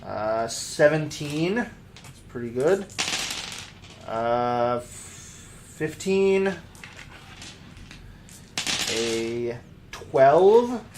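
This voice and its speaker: A man's voice: mid-range voice, big pitch swings, extremely slow, long pauses, background noise. A man hosting a casual tabletop character-building show, reading out dice rolls in an easygoing way. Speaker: podcast host, character builder.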